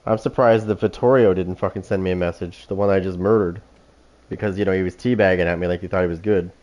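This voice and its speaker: A man's voice: low-pitched, fairly even intonation, fast talker, a little mellow, highs cut off. A man streaming a game live, commentating with brash, foul-mouthed trash talk. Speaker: streamer playing a killer.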